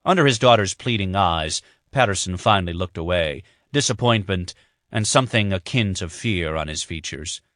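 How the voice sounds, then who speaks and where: A male narrator reading a thriller audiobook in a measured, even way. His voice sits low, and the recording is close and dry with no room sound. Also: no echo. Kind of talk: scripted narration.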